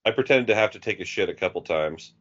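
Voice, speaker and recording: Man, low voice, profane storyteller, casual podcast chat, dull lo-fi audio. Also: animated, fast, fairly bright tone, slight background noise. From Eugene, Oregon. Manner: profane, storytelling, laughs at own jokes. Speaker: podcast co-host. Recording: dull lo-fi sound.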